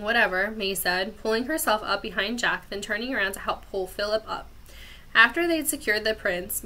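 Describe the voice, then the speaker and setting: A woman teacher reading a chapter book aloud to her class with expressive storytelling. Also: mid-range voice.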